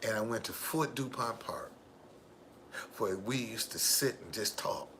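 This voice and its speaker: A man recounts his personal story in an emphatic monologue and circles back to his key phrases. His delivery is unhurried, and his tone is bright and forceful. A faint hum sits behind him. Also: lowish voice. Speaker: driver.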